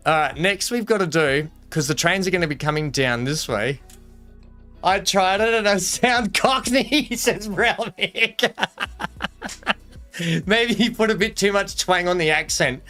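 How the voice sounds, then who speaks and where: A young Australian man streaming a game live, his voice bright and sharp and pitched a touch high. He rambles and jokes with his chat, laughing often, while faint music plays behind him. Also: animated, takes it slowly. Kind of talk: casual live-stream chat over gameplay.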